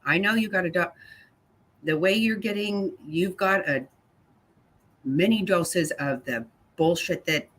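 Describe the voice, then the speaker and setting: Husky, blunt woman livestream host. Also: fairly low pitch, a little slow, pauses often, fairly bright tone. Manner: blunt, angry, swears freely, addresses viewers by name. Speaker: livestream host reading chat. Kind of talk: casual live chat commentary.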